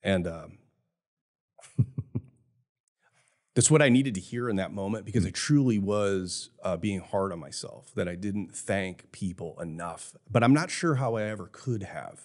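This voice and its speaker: A man's voice: low-pitched, animated, measured pace, a little mellow. A man in his fifties who owns a jewelry store, talking earnestly and reflectively in a casual podcast conversation. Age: 50s. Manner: earnest, reflective, emotional at times.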